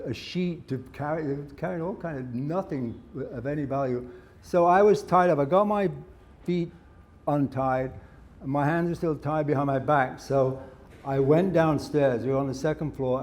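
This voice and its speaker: An older Englishman hosts an onstage conversation at a live event. He tells his own stories with plenty of animation and frequent laughter. His voice sits a bit high for a man. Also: a little hiss or hum. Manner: animated anecdotes, laughing often. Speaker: interviewer. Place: live event before an audience.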